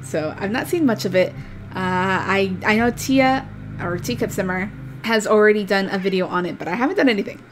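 A woman giving casual, excitable commentary while playing a game, gushing with delight. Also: medium pitch, brisk. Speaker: let's play gaming creator. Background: game music.

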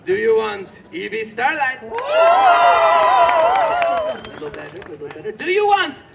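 A man playing a showy, teasing old-Hollywood game show host who shouts to a street crowd. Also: sits high, wildly swooping pitch, normal speed, creaky, exaggerated voice. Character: showy male 1920s Hollywood emcee, teasing. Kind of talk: live street comedy show. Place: outdoor theme park street. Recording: distant, loud crowd and noise.

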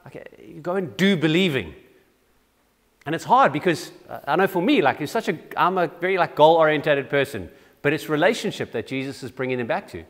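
A man's voice: a little high, expressive, brisk, big-room sound. A man preaching a sermon in a conversational, self-deprecating way with frequent restarts. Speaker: pastor. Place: church.

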